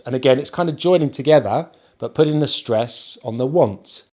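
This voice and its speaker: A man with a British accent teaching English pronunciation, slowly drilling and repeating syllables. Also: mid-range voice, dark tone. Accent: British, non-rhotic. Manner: slow, exaggerated drilling of sounds. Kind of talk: pronunciation lesson.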